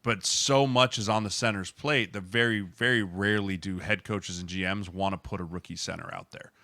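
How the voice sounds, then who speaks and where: A man co-hosting a podcast, a former lineman talking in a casual, animated storytelling way. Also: sits low, a little fast, no room sound. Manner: animated, shouts acted quotes.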